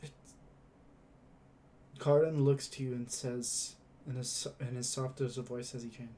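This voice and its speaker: Game master, a man narrating slowly and haltingly, mid-pitched voice. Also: fairly even intonation, dark tone, a little hiss or hum.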